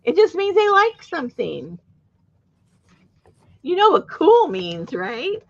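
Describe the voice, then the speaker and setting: Woman, craft host, animated, laughs easily, lo-fi sound. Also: extremely high pitch, slow. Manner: laughs often, animated and talkative. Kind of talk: casual chat while crafting.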